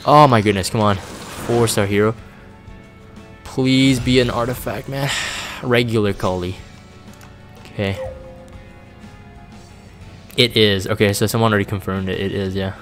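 Laid-back low-voiced man streaming. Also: fairly even intonation, moderate pace, long pauses, fairly bright tone, soft background music. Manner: reads chat aloud, rambling and laid-back with many fillers. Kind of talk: casual live-stream chat.

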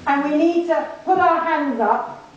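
A woman preaching to a church, talking conversationally and softly acting out short prayers. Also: high-pitched, a little slow, highs cut off. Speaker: guest speaker. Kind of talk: sermon. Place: church hall. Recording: echoey hall from far off.

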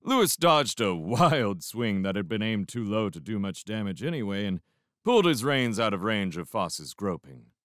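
A man narrating a novel in the first person as a fan audiobook reader, with an expressive delivery and reflective pauses. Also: on the low side, no echo, studio quality.

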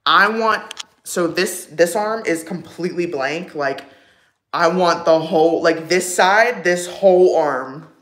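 A woman's voice: on the low side, takes it slowly, a bit bright, a little hiss or hum. A young woman chatting casually on a get-ready-with-me livestream, rambling with lots of fillers and answering her chat. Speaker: livestream vlogger. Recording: echoey room.

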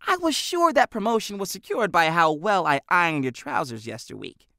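A man's voice: high voice, big pitch swings, moderate pace, gravelly, sharp tone, no echo, clean studio sound, pitched above the performer's own voice, full character voice. A man voicing a playful, mock-formal teenage boy who clowns around in an audiobook. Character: joking, theatrical young teen best friend.

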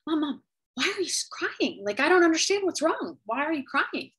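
A woman voicing a gentle little boy ladybug who calmly reassures his crying mother, in a sweet, lifted voice. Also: moderate pace. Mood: puzzled, reassuring. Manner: sweet, reassuring, higher than her own voice.

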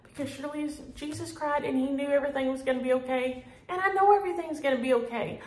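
A middle-aged woman, chatting homey and warmly to her viewers about stitching and mail. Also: high voice, fast. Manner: homey, chatty, uses y'all. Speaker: flosstube host. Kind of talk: casual chat to camera. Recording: echoey room.

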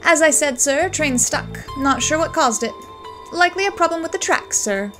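A courteous ghostly train conductor from a point-and-click game acted by a woman, formal and clipped, ending his sentences with a respectful "sir". His voice sits high, with a faint music bed behind it. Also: animated, moderate pace. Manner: formal, ends lines with "sir".

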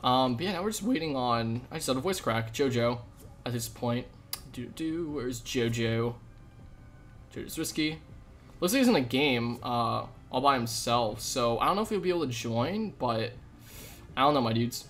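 A man's voice: mid-range voice, expressive, normal speed, a bit bright. A man live-streaming a video game, chatting casually with viewers in an upbeat, slangy way into a desk microphone. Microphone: desk USB microphone.

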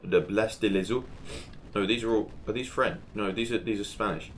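A man giving casual gameplay commentary, chatting to himself as he plays and breaking into excited exclamations. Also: on the low side, a little fast, slight background noise. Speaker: gaming channel host.

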